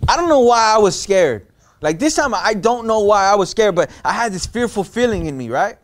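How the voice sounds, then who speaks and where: In a clip being reacted to, a man with a high voice tells a loose, rambling story from his childhood at a brisk clip. He uses streetwise slang and animatedly acts out the voices of his relatives.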